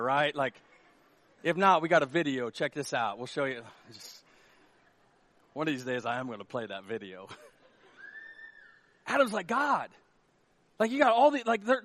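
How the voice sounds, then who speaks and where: High-voiced animated male preacher. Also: dry recording. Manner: comic, animated, acts out characters. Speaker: pastor. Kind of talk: sermon.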